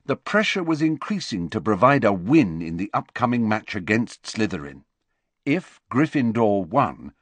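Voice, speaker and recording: A man narrating a novel with a lower voice and animated, expressive intonation. His storytelling is measured and clear. The recording is dry and close. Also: no room sound. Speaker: audiobook narrator. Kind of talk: scripted narration.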